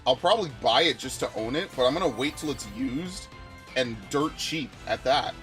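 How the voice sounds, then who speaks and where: A man's voice: medium pitch, animated, normal speed, a bit bright, soft background music. A man streaming a game, ranting with exasperation and lots of swearing. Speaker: gaming streamer.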